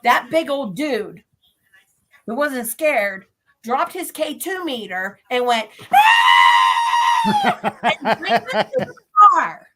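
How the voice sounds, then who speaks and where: Bright, high-pitched woman telling a story. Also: takes it slowly, poor audio. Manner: lively, laughs often, acts out others' lines. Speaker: paranormal investigator guest. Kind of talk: animated storytelling.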